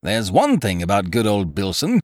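A man's voice: on the low side, huge pitch swings, moderate pace, a little mellow, no room sound, clean studio sound. A man voicing a boisterous, scheming young man, full of big plans, who talks in a hearty, breezy way. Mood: exuberant. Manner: hearty, breezy, calls people "old horse" and "laddie".

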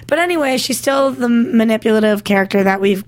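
Young woman, co-host, casual chat, bubbly, jokey, slightly high voice. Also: a little fast.

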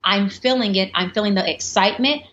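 A woman guest telling a personal story in an interview, animated and lively, often slipping into the voices of other people. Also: medium pitch, brisk. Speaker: life coach guest. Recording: slightly muffled with faint background noise.

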